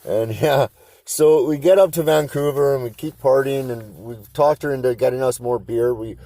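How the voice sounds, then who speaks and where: A man's voice: medium pitch, moderate pace, warm tone, no room sound. A man from Canada telling a rambling, profane story in casual talk. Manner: rambling, profane, laid-back. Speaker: interviewee.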